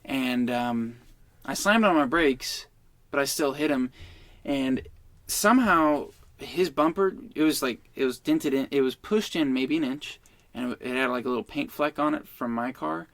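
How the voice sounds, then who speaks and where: A man's voice: mid-range voice, measured pace, a bit bright, no echo. A man in his twenties, a podcast guest, telling a rambling, profane story in casual chat.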